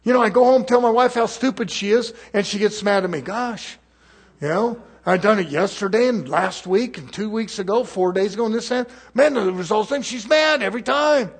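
Male preacher, high and husky, emphatic sermon delivery, loud-soft swings, rhetorical questions. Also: moderate pace.

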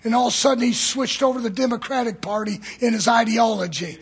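A man preaching a fiery sermon in a church, swinging from loud shouts to low murmurs. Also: fast talker, slightly rough.

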